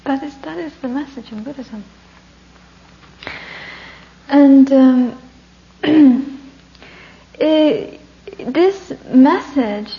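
Storytelling woman teacher with a gravelly voice. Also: high-pitched, very slow, pauses often. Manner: breaks into breathy whispers, laughs often, warm storytelling. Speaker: Buddhist teacher. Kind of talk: dharma talk with a story. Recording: dull lo-fi recording with faint hum.

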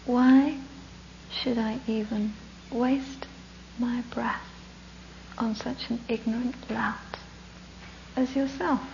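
A small, calm Buddhist monk , as a woman telling the story puts him on, speaks quietly and gently, close to a whisper. His voice has a slight gravel to it. The sound is dull and lo-fi, with a faint hum underneath. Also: on the high side, slow. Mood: scornful calm. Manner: quiet, soft, near-whispered.

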